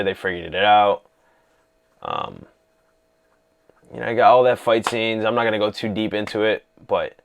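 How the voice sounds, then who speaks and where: A man casually talking through a film he loved, excited and rambling, full of "you know" and "like". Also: fairly low pitch. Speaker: vlogger reviewing a film. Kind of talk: casual movie talk.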